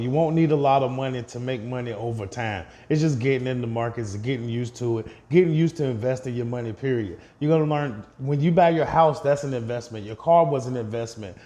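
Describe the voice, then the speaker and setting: Male vlogger, relaxed and chatty, mid-range voice, speaks to the audience like friends. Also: medium pitch. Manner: chatty, addresses viewers directly, laughs at own slips. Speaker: investing vlogger. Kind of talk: casual portfolio update.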